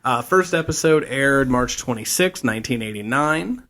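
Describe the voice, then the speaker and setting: A man's voice: medium pitch, lively intonation, moderate pace, fairly bright tone. Rambling man recapping an old TV show. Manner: rambling storyteller, acts out scenes. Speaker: podcast co-host. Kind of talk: casual chat recapping a TV show.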